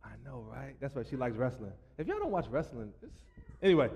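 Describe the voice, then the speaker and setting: A man's voice: medium pitch, sing-song, normal speed, gravelly, breathy edge, long reverb tail. A man preaching a sermon as pastor, joking with the congregation and breaking into laughing asides. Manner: playful, jokey preaching with bursts of loud laughing asides. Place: church sanctuary.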